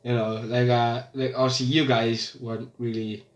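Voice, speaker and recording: A man's voice: medium pitch, flat delivery, moderate pace. Dry-humoured young man. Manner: dry, self-deprecating humour. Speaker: vlogger. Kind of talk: casual chat. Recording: echoey room.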